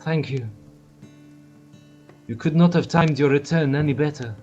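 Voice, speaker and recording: A man's voice: on the high side, measured pace, dark tone, muffled recording, soft background music, pitched above the performer's own voice, lightly acted. A man voicing a grateful, gracious male town priest who speaks formally and courteously.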